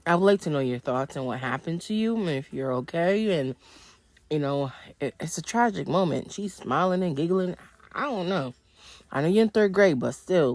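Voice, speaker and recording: A woman's voice: fairly low pitch, lively intonation, normal speed, darkish tone, dry recording. A woman hosting a reaction video, speaking earnestly and reflectively and inviting viewers to comment. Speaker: reaction channel host.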